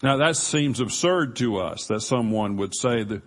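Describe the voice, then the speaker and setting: Male pastor, sermon, slow deliberate delivery, earnest and emphatic. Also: mid-range voice, lively intonation. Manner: earnest, emphatic with measured pauses.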